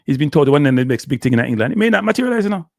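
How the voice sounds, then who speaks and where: A man's voice: a little high, sing-song, very fast, gravelly, a little mellow, no room sound, clean studio sound. A man with a Jamaican accent hosting a live show, ranting and scolding in patois. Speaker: host. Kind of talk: heated live commentary.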